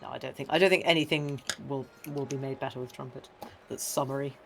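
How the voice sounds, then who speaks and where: A man co-hosting a casual stream chat, telling a story lively and acting out the people he quotes, heard over a remote voice call. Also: medium pitch, fast talker, creaky, a little hiss or hum. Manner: animated storyteller who acts out quoted people. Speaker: co-host and trumpet player.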